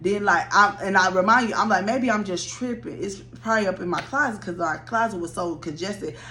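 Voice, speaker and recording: A young adult woman telling a casual story time, blunt and animated, swearing freely and talking straight to her viewers. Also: medium pitch, fairly quick, a little hiss or hum.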